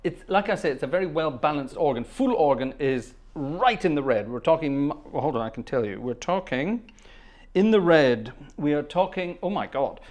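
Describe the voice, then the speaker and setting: A fairly high-voiced man hosting a live organ concert stream, welcoming viewers by name in an easy, rambling way. His pitch leaps about expressively, and he hums little tunes to himself between greetings. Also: animated, moderate pace, darkish tone. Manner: chatty, humming and trailing off between greetings. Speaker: livestream organ concert host. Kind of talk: casual livestream chat greeting viewers. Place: at the organ console.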